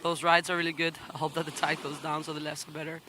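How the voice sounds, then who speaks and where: Emotional woman athlete from the Canary Islands, near tears, halting and apologetic, tense bright tone, flat pitch. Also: a little hiss or hum. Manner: halting, apologetic, laughing through nerves. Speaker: competing athlete interviewed. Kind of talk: post-heat interview.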